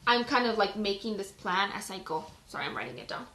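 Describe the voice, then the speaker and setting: A woman hosts a casual Bible reading on a live stream, her bright voice carrying in a roomy, echoing space. She stops between passages to talk them over in a loose, chatty way, leaning on "like", and sounds out of breath. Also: mid-range voice, lively intonation, fast talker. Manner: chatty, lots of "like" fillers. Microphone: phone on a live stream.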